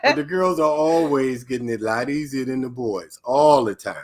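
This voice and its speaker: An older man speaking over a video call as a guest on his daughter's web talk show. He tells family stories at an unhurried pace and chuckles as he remembers. The talk is easygoing and casual. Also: mid-range voice. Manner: relaxed storytelling, chuckling while recalling. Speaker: guest, father of the host.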